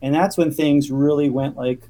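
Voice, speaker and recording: A young man talking casually as a podcast guest, telling animated stories with many restarts. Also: fairly high pitch, moderate pace. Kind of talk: casual chat.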